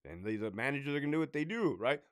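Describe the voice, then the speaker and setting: A man's voice: mid-range voice, lively intonation, fast, no room sound, clean studio sound. A man in his thirties, a former prison lieutenant, ranting in a profane storytime style and laughing between points. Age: 30s.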